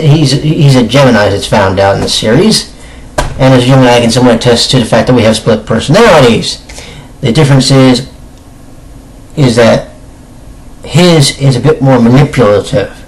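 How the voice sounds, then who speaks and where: Slightly hoarse man chatting through a review. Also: medium pitch, animated, moderate pace, pauses often, low-quality recording. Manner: chatty and emphatic, with frequent self-corrections. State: slightly hoarse, clearing his throat. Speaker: anime reviewer. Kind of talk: casual spoken video review.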